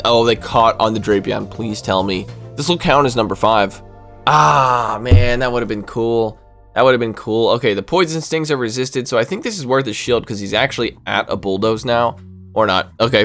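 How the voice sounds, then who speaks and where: An excitable man talks through a game battle in a casual commentary style, reacting aloud to each play. His voice sits at a medium pitch. Soft music plays faintly behind him. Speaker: gaming commentator.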